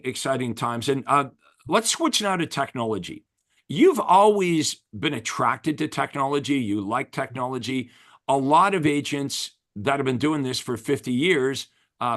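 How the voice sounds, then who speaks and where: An enthusiastic man coaching real estate agents in a casual interview chat. His voice sits at an ordinary middle pitch, and he talks with emphatic, motivating energy. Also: fairly bright tone.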